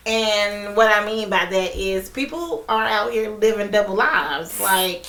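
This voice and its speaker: A woman's voice: medium pitch, unhurried, a bit bright, roomy sound, a little hiss or hum. A woman co-hosting a podcast, talking in a playful, joking way with frequent giggles. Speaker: podcast co-host. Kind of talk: casual podcast chat.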